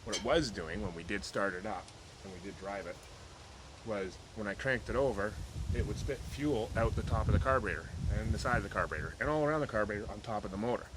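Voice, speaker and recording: A man with a fairly low voice talks through his project in an easygoing, rambling way, dropping dry jokes as he goes. It sounds like a home video shot in a garage, with plenty of background noise under his voice. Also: fast. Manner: rambling, offhand, jokey. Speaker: car hobbyist vlogger. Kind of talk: casual workshop vlog.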